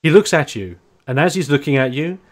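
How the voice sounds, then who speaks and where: A man running a tabletop wrestling role-playing game, narrating moves with lively announcer flair and frequent laughs. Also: a little high, a little fast. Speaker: game master.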